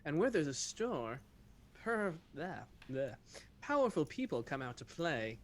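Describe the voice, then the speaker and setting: A man's voice: fairly high pitch, big pitch swings, a little slow, a little hiss or hum. A man playing a tabletop game who talks in character with a wry, scheming tone. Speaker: player.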